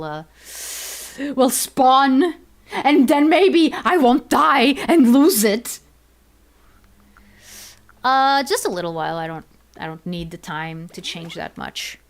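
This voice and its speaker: Woman, gaming streamer, unhurried, smooth clear voice, rambling filler-heavy chatter. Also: mid-range voice, fairly bright tone. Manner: rambling, thinks aloud with many fillers and repeats. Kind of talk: casual gaming livestream chat.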